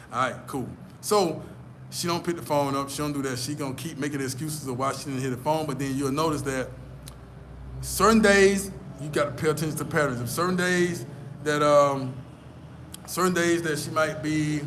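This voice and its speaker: A man's voice: a little high, fairly bright tone, a little hiss or hum. A man giving blunt, profane dating advice in a casual vlog monologue, full of repeated rhetorical asides. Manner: blunt, swearing and repetitive, with many rhetorical asides.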